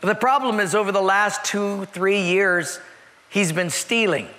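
A male pastor delivers an earnest, emphatic sermon and leans on repeated key words. His voice is bright and forceful and sits a little high for a man. It rings out through a large church hall with a long echo. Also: a little slow. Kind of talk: sermon with storytelling.

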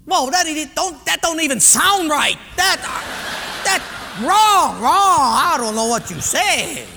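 A man doing a high-pitched bossy job interviewer, booming verdicts, long church reverb. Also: a little slow, bright, forceful tone, slight background noise, full character voice.

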